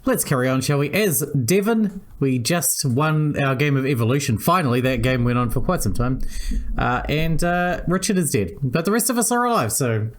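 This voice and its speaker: A man's voice: mid-range voice, normal speed, slight background noise. A man hosting a let's-play, reading a visual novel aloud and switching between narration and character voices.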